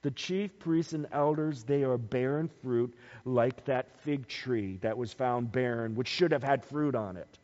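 A man preaching a Bible teaching sermon, animated, swinging between loud emphasis and quiet low asides. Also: a little slow, hardly any pauses. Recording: dull sound with long hall reverb.

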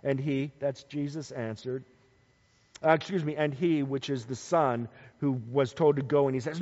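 A man preaching a Bible teaching sermon, animated, swinging between loud emphasis and quiet low asides. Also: normal speed. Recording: dull sound with long hall reverb.

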